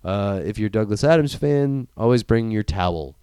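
A man's voice: lowish voice, expressive, warm tone, smooth, dry recording, studio quality. A man recapping a movie in casual chat, joking, swearing and acting out the characters. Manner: profane, jokey, acts out characters in quick voices.

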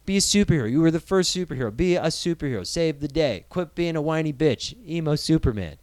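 A man's voice: on the high side, quick pace, no room sound. A man co-hosting a casual talk show, ranting with lots of swearing and mocking voices. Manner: profane, animated ranting with mocking put-on voices. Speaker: podcast co-host.

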